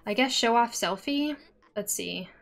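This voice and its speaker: Young female streamer, slightly high voice, excitable casual play-by-play. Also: a little slow, vocal fry. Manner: chatty, excitable, talks to the game characters. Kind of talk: casual gameplay commentary.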